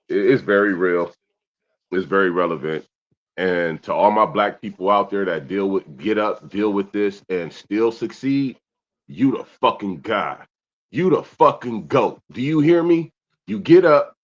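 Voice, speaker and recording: A young adult man co-hosting a casual talk show, animated and profane, reading out comments from viewers. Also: lowish voice. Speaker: podcast co-host. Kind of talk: casual chat. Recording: dull lo-fi sound.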